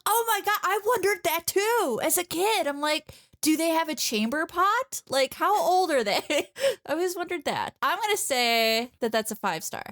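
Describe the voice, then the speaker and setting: A woman's voice: very high-pitched, lively intonation, moderate pace, hardly any pauses, a bit bright, no echo, studio quality. A woman co-hosting a casual podcast, giggling and reasoning aloud to justify her picks. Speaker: podcast co-host.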